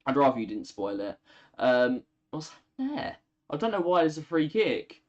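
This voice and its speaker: A man's voice: on the high side, very animated, normal speed, highs cut off. A tired young man, chatting through live football commentary on a stream and talking to his chat. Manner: chatty, reacts to play, talks to chat. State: tired, yawning. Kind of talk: live watch-along commentary.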